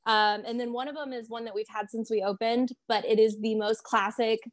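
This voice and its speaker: A woman's voice: fairly high pitch, fairly even intonation, fairly quick, dry recording. A woman explaining wines in a friendly, informative casual chat. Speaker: wine guest.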